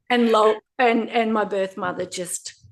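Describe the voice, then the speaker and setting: A woman, a podcast guest telling her own story in a lively way with frequent laughter. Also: on the high side. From Australia. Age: 50s. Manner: animated, laughs often while telling a story. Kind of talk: personal storytelling interview.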